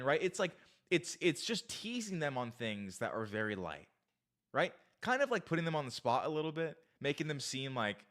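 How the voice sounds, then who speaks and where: A man's voice: mid-range voice, moderate pace. Guy giving dating tips, acts out the lines, voice jumping all over. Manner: eager, animated, acts out dialogue. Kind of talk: storytelling advice talk.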